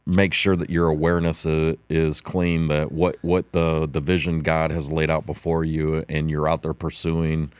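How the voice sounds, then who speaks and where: A podcast host with a very deep, smooth voice, recorded dry and close. He asks halting, searching questions and answers with short encouraging replies. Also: little pitch movement, dry recording. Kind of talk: podcast interview.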